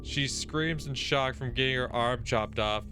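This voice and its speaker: A man's voice: mid-range voice, unhurried. A man hosting a let's play, reading a visual novel's text aloud and reacting with frequent swearing and laughter. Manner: swears freely, laughs, reacts loudly to scares. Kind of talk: casual gaming commentary and reading game text aloud. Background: game music.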